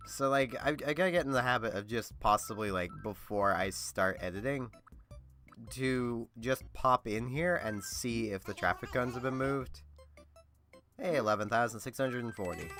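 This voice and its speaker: Bright chatty young man. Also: mid-range voice. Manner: chatty, rambling, laughs often. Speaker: let's-player. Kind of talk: casual gameplay commentary.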